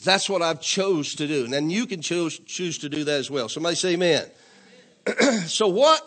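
High-voiced man preaching a sermon. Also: animated, normal speed. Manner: call-and-response preaching, asks congregation to say amen; repetitive, emphatic, rising to louder declarations. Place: church.

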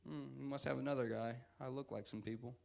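A man's voice: medium pitch, fairly even intonation, quick pace, creaky, pitched below the performer's own voice, natural voice. A man voicing Peter as a flustered, defensive disciple in a sermon retelling. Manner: defensive, exasperated.

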